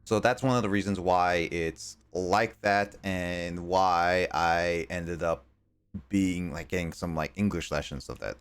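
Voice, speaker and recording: Game streamer, man, lowish clean voice, chatty and rambling, R leans toward L. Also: steady tone, unhurried, smooth. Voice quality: R sounds bend toward L. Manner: rambling, full of fillers and restarts. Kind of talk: casual chat while gaming.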